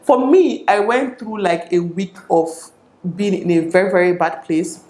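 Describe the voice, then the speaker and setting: A young woman with a Nigerian accent, telling a personal story to camera in a casual, animated vlog style with quoted dialogue. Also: mid-range voice, moderate pace, roomy sound. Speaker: vlogger.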